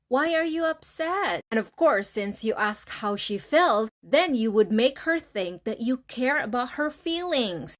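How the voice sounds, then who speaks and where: Sassy filipina lady ranting straight to the viewer, high-ish voice, calls you my friend. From Philippines. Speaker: vlogger. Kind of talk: opinionated commentary to camera.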